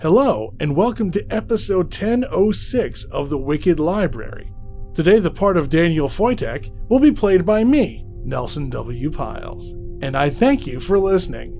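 A man's voice: a little high, big pitch swings, normal speed, gravelly, dark tone, soft background music. A man hosting a horror fiction podcast, introducing the episode in a chatty, self-deprecating way and tripping over his words now and then. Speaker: podcast host. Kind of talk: casual show introduction.

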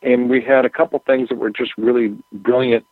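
A man's voice: mid-range voice, brisk, slightly rough, no echo. Man telling stories over a tinny phone line. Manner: relaxed, rambling anecdotes with frequent fillers. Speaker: musician guest. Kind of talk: casual interview storytelling.

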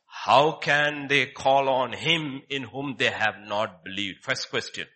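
A man preaches a sermon with a sharp tone, medium pitch and slow pace, with few pauses. He is emphatic, repeats key phrases, and fires off rhetorical questions.

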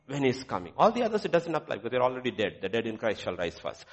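Guy preaching sunday sermon, pitch all over the place, keeps throwing questions at the crowd. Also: animated, very fast, few pauses, slightly rough. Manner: preaching with rising emphasis and rhetorical questions. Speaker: pastor.

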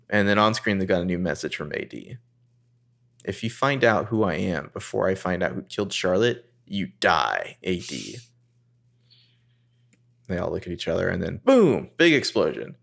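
A man co-hosting a casual podcast, recapping a TV episode and quoting the characters in excited voices. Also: normal speed, vocal fry. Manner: animated, jumps into high voices quoting characters.

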